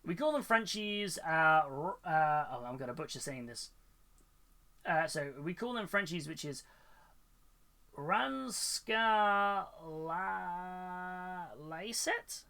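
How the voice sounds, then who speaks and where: A man's voice: fairly high pitch, expressive, normal speed, pushed and bright. A British man chatting casually on a live stream while painting miniatures, rambling and laughing often. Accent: British English. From United Kingdom.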